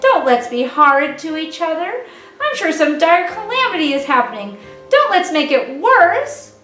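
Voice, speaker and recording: A woman's voice: high-pitched, unhurried, a bit bright, voice pushed up. A woman voicing a worried, tender eldest girl in a read-aloud storybook. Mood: anxious. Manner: raised, earnest, worried. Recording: echoey room, distant mic, faint music.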